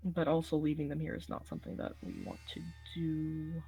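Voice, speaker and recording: A woman playing a tabletop game, chatting quickly with a wry tone. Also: low-pitched, expressive, creaky, warm tone, soft background music, rough recording. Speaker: player. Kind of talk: casual game chat.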